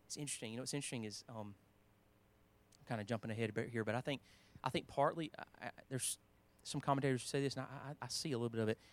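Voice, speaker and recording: A man preaches a sermon conversationally, restarting his sentences, quoting scripture and swinging between emphatic lines and quiet asides. His mid-range voice keeps a fairly even intonation, and he talks very fast.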